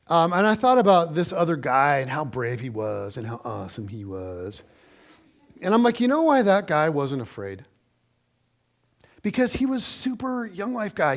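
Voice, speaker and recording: High-voiced man preaching a story sermon. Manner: animated, conversational storytelling to the congregation. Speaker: pastor.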